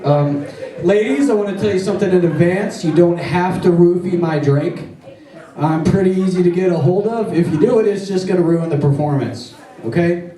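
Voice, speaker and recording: A man's voice: sits high, moderate pace, dark tone. A man doing a stand-up comedy set on a stage, telling crude, rambling jokes with self-deprecating asides. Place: comedy stage before a live audience. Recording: echoey room, mic at a distance.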